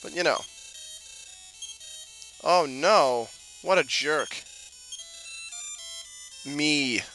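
A man's voice: a little high, extremely slow, pushed and bright, soft background music, rough recording. A man doing casual gameplay commentary, cracking jokes, swearing and talking back to the game characters. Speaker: let's play commentator.

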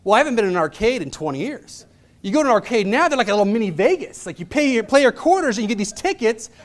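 A man's voice: high-pitched, very animated, quick pace. A man in his thirties giving a motivational presentation, telling stories in a casual, chatty way and acting out the voices of the people in them. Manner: casual, chatty delivery with fillers. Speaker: motivational speaker. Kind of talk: storytelling presentation.

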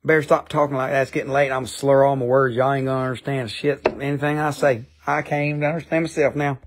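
A man's voice: medium pitch, flat delivery, quick pace, background noise, close to an everyday voice. A man putting on the voice of a laid-back country drawler who slurs his words and keeps saying "man". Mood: goofy. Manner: drawling, slurred, says "man" a lot.

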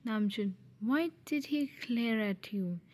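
A woman voicing a calm, gentle middle-aged mafia father in a fan audio drama, speaking in a reassuring way. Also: fairly high pitch, slow pace.

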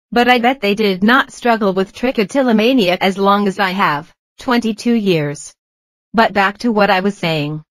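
A computer-generated woman's voice reading out a personal vlog in an even, mechanical way. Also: mid-range voice, dry recording, rough recording. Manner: evenly read, mechanical delivery. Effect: computer-generated text-to-speech voice. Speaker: vlogger. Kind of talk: text-to-speech narration of a personal vlog.

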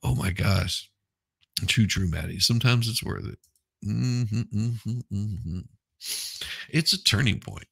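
Host read: middle-aged man, low gravelly voice, bright edge, dry close sound. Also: lively intonation, measured pace, no echo. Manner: rambling, blunt, swears, lots of restarts. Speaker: livestream host reading chat. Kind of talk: casual live chat commentary.

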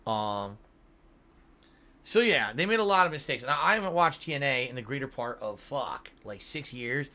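A man's voice: medium pitch, lively intonation, normal speed, pushed and bright. A man livestreaming from home, rambling casually, swearing now and then, and yawning between thoughts. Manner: rambling, swears casually, reads donor messages aloud. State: yawning, tired. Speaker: streamer.

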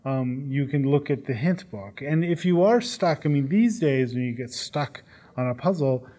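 Guy game designer chatting at an interview, easygoing, wanders a bit, middle pitch. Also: normal speed. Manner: relaxed, rambling, self-deprecating. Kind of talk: casual interview answers.

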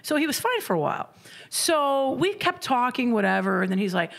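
Animated, gravelly-voiced woman storyteller. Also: a little high, brisk. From Indiana. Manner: animated, laughs often, acts out screams and voices in stories. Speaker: comedian guest. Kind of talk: casual storytelling chat.

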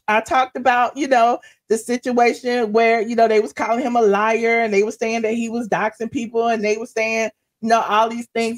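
A woman hosting a livestream, chatting sassily about gossip, laughing often and calling viewers honey. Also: fairly high pitch. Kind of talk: casual gossip commentary to live viewers.

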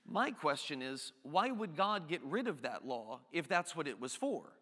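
A man preaching a sermon, animated and jokey, moving between reading scripture aloud and quick offhand asides. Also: a little high. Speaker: pastor. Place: church sanctuary. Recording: long hall reverb.

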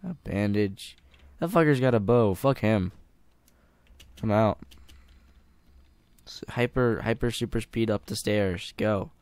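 A man's voice: lowish voice, slow pace, long pauses, darkish tone, clear, resonant tone, no room sound. A man giving gameplay commentary, panicking, pleading and swearing, laughing at himself. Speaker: gamer.

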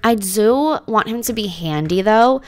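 A woman's voice: mid-range voice, animated, a little slow, dry recording, faint music behind. A woman giving casual, dramatic commentary as she plays a life-sim game, full of slangy exclamations. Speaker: gaming let's-play host.

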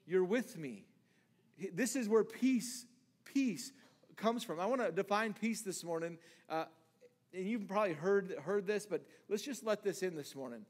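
High-voiced man preaching a casual sermon. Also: animated, unhurried. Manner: conversational, restarts words, acts out scripture lines. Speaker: pastor.

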